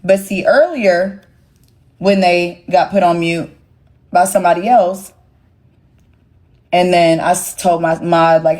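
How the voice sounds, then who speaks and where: A woman's voice: on the low side, steady tone, unhurried, long pauses, a little mellow. Sassy, profane young woman streaming live. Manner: blunt, profane, sassy, talks straight to chat. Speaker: livestream host. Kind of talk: casual livestream rant to viewers.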